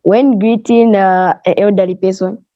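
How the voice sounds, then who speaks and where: A woman's voice: medium pitch, fairly even intonation, moderate pace, warm tone, no room sound. A woman asking a brief, polite question as a student in an online class. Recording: muffled online call audio.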